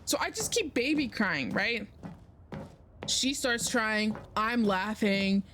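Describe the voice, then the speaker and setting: A woman's voice: a little high, lively intonation, slow, fairly bright tone, slight background noise. A young woman streaming a game, chatting casually and telling a story full of swearing. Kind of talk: casual gameplay chat and storytelling.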